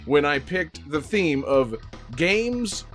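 A man's voice: on the high side, lively intonation, slow pace, soft background music. A man hosting a game-show podcast in casual joking chat, upbeat and teasing, laughing often.

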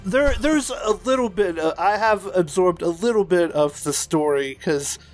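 A man's voice: sits high, moderate pace, soft background music. A man chatting on a podcast in a loose, rambling way, full of fillers and casual swearing. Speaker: podcast co-host. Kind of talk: casual chat.

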